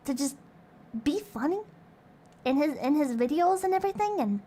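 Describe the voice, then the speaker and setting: Playful high-voiced young woman streamer. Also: expressive, moderate pace, warm tone, a little hiss or hum. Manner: playful, crude, rambling. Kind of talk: casual livestream chat, reading donations.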